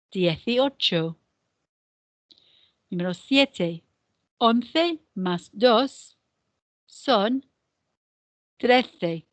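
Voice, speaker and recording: A woman's voice: mid-range voice, dry recording. An English woman teaching a beginner Spanish lesson, patiently drilling words and numbers. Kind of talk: recorded classroom lesson.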